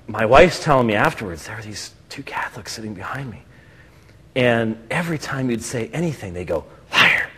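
A man speaking to an audience, telling anecdotes in a lively way and acting out what others said. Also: mid-range voice. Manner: animated storytelling, acts out quotes. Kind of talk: lecture with anecdotes. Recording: echoey hall.

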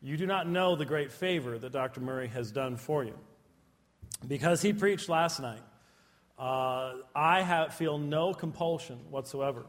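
A man delivers a conference lecture to a live audience, adding humorous, self-deprecating asides. His voice is slightly high and unhurried, and the recording has a long hall reverb.

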